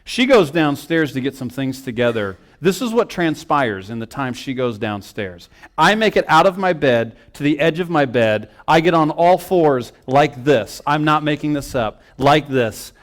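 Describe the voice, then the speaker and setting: A young male pastor tells a long personal story from the pulpit. His voice sits somewhat high, and he pokes fun at himself as he acts out what people said. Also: moderate pace, hardly any pauses. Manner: animated, self-mocking storytelling with acted-out quotes. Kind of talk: storytelling sermon. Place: church sanctuary.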